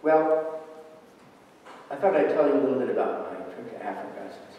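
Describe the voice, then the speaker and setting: A man's voice: medium pitch, expressive, normal speed, lo-fi sound, slight background noise. An older man, a math professor, giving a wry, digressive public lecture. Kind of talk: public lecture with poetry reading. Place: lecture hall. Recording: distant, echoey lecture hall.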